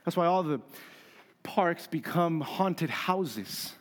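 A pastor preaching a conversational, emphatic sermon with humor and rhetorical questions. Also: male voice, a little high, expressive, slow.

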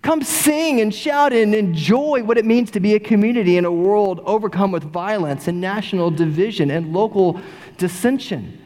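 Animated male pastor in a reverberant sanctuary. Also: sits high, moderate pace. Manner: animated, rhetorical, repeats questions for emphasis. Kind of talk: sermon. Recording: long reverb in a large sanctuary.

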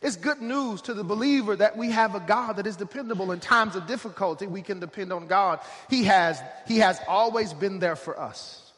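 A man preaching a sermon, building to shouted emphasis with repeated refrains. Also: high-pitched, normal speed, few pauses. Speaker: pastor. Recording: long hall reverb.

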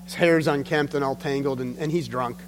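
His pitch is medium and his intonation fairly even as he briskly tells sermon stories from the pulpit, earnest and given to emphatic drops. Faint hum and long hall reverb color the sound.

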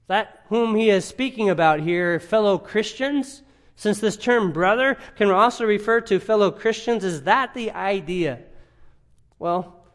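A man preaching an expository sermon, asking rhetorical questions and swinging between loud emphasis and quiet asides. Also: sits high, a little slow. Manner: emphatic, rising and dropping in volume, rhetorical questions. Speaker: pastor.

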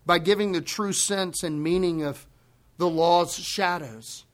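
A male pastor delivering a sermon in a notably high voice for a man. His delivery swings between forceful, emphatic declarations and quiet, grave asides. The preaching stays impassioned throughout. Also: a little slow.

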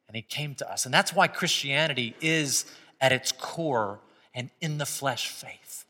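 A man preaching a sermon as pastor of his church, moving from quiet reflection to loud, impassioned stretches. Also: medium pitch, unhurried. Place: church sanctuary. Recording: long hall reverb.

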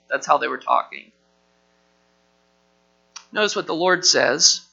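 Male pastor, high and bright, emphatic sermon delivery, lo-fi recording with hum. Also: lively intonation, a little slow, vocal fry, pauses often, slightly rough. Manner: emphatic preaching, rising and falling in force. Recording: dull lo-fi recording with mains hum.

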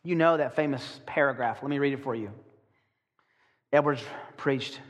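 A man preaching a sermon to his congregation, with dramatic slowdowns when he reads aloud. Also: mid-range voice, long reverb tail. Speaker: pastor.

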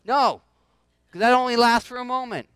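A man preaching to his congregation in a loose, conversational way, repeating phrases and calling out questions. His voice sits high and sounds smooth and clear. The recording is dry and close, with no room echo. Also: moderate pace, fairly bright tone. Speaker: pastor. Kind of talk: sermon.

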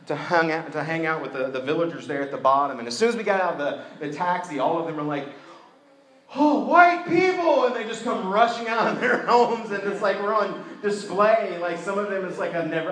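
A man preaching a sermon as a story, animated, going from loud outbursts to hushed tones. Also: a little high. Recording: echoey room.

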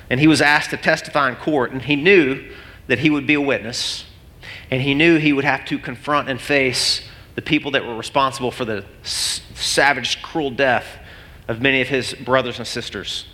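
Bright-voiced man preaching in a reverberant hall. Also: mid-range voice. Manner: earnest storytelling, turns emotional and laughs it off. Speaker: pastor. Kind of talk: sermon.

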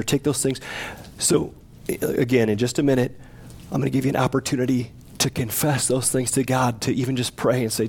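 A husky male pastor speaking in an earnest, gently pleading way. His voice sits at an everyday middle pitch, and soft laughs slip in now and then. He talks to his church congregation in a sermon style. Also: fairly even intonation, brisk. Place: church sanctuary.

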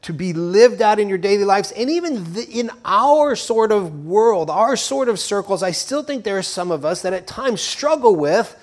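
A man preaching a sermon to a congregation, animated, acting out quoted speakers as he teaches. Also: sits high, normal speed, few pauses.

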